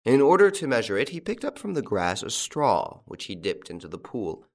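A man narrating a classic story as an audiobook, with an expressive storytelling delivery. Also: mid-range voice, moderate pace.

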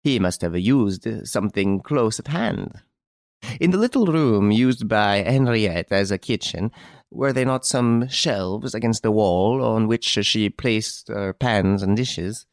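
A man reading an audiobook, voicing a calm, clever chevalier who explains a theft in a smiling, deliberate way. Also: fairly low pitch, dry recording, studio quality.

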